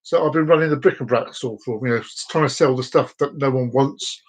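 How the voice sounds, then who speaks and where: Hosting a laid-back live stream, this man talks briskly in a mid-range voice, wandering between topics and landing groan-worthy jokes. He addresses his viewers by name as he goes.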